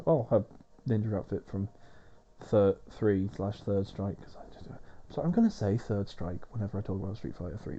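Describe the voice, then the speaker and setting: Man, game commentary, wry rambling chat, very dark tone, dull lo-fi sound. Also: on the low side. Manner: rambling, wry and chatty, swearing now and then. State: soothing a baby while he talks. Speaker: gaming video host.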